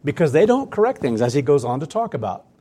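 A man's voice: fairly high pitch, very animated, fast talker, warm tone, breathy edge. A man preaching a sermon to his church, earnest and emphatic, often repeating phrases for weight. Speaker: pastor.

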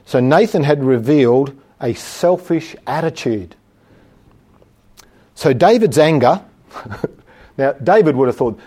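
In a warm, expressive mid-range voice, a preacher delivers a sermon. Scripture is read slowly and emphatically before he unpacks it in everyday conversational language, with the occasional chuckle.

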